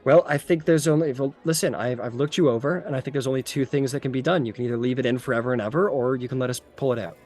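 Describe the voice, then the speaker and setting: Fussy wood elf healer woman voiced by a man, soft-spoken and hesitant, for a tabletop game. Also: mid-range voice, close to an everyday voice. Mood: brisk. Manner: hesitant, halting speech. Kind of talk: tabletop role-play.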